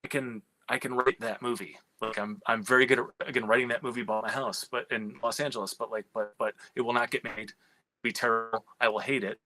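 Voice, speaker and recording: Bright, animated man telling stories. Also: mid-range voice, brisk, no echo, poor audio. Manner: animated, profane, many restarts. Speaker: screenwriter and comic writer. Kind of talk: candid conversational storytelling.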